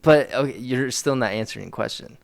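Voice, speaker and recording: A man's voice: medium pitch, fairly quick, vocal fry, no echo, studio quality. A young man co-hosting a podcast in loose, laughing casual chat, tipsy and full of playful questions. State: intoxicated. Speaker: podcast co-host.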